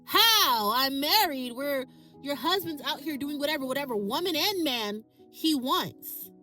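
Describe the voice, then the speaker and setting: A woman's voice: sits high, lively intonation, unhurried, pushed and bright, soft background music. A woman hosting a podcast, speaking in an impassioned, ranting monologue. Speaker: podcast host. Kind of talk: emotional monologue.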